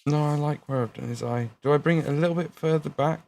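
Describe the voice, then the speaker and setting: Faint music sits behind this Midlands-accented man from England, whose voice is a little high, fast, creaky and slightly mellow. He's painting miniatures on a casual livestream, chatting, swearing and laughing while reading the chat.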